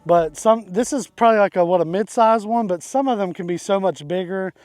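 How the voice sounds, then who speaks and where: A man's voice: high voice, fairly quick, a little mellow, no echo, studio quality. A man hosting a casual farm vlog outdoors, talking in an easygoing, rambling way and chuckling often. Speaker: farm channel host. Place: outdoors on a farm beside a donkey.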